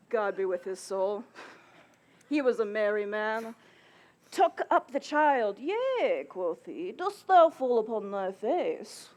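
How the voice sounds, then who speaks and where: A woman playing a garrulous, bawdy old nurse who rambles and laughs, acting Shakespeare on an outdoor stage. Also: a little high. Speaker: stage actor.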